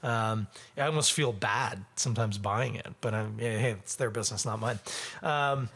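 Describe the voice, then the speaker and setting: A man from Canada hosting a podcast in casual chat, animated and quick to laugh, jumping up high when he exclaims. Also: gravelly. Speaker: podcast host.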